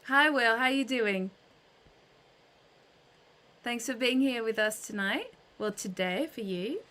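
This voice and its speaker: A woman's voice: fairly high pitch, slow pace, pushed and bright. A woman hosting a casual livestream, chatting with her audience, greeting viewers by name, with frequent fillers and restarts. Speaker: livestream host.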